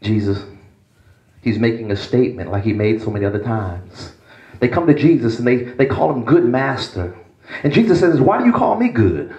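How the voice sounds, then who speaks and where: A pastor delivers a sermon in church, alternating dramatically between quiet and raised intensity with great emphasis. He speaks at normal speed in a slightly mellow voice, recorded lo-fi in an echoey space.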